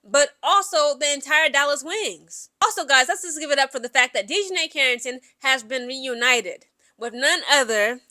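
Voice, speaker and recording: A woman's voice: high voice, normal speed, sharp tone. A woman giving casual, opinionated sports gossip commentary to her viewers, chatty and emphatic, often tossing in "okay?". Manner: chatty, keeps asking "okay?" and addresses viewers directly.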